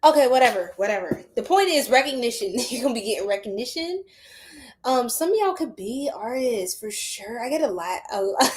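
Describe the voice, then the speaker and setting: Female tarot reader talking to her audience, loose and playful, slightly high-pitched. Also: expressive, a little fast. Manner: chatty and slangy, laughing often. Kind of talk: casual tarot reading to viewers.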